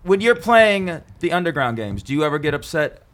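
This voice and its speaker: A man's voice: fairly high pitch, sing-song, fairly quick, fairly bright tone. A man hosting a podcast, prodding his guests with interview questions. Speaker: podcast host. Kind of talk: casual podcast chat.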